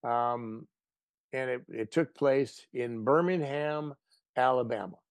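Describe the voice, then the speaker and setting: A man guest on an interview show, chatting casually and telling stories with lively quoted voices. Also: mid-range voice, slow, clear, resonant tone, no room sound. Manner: animated storyteller, playful voices for quotes. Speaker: actor guest.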